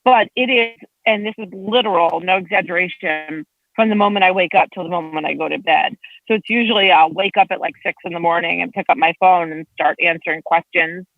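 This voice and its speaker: A state legislator, a woman, talks briskly as a guest in a casual chat, an animated storyteller whose pitch swings widely. The tinny, phone-style recording has no room sound.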